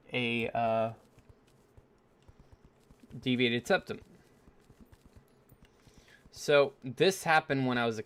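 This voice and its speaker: Male gaming host, mid-pitched, chatty and rambling, casual storytelling with lots of "uh"s. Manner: rambling, full of fillers and self-mocking asides. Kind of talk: casual storytelling while playing.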